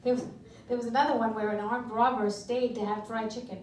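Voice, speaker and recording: A middle-aged woman doing a stand-up comedy routine, delivering brash, deadpan one-liners in a comedy club. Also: on the high side, a little fast. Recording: echoey club from far off with noise.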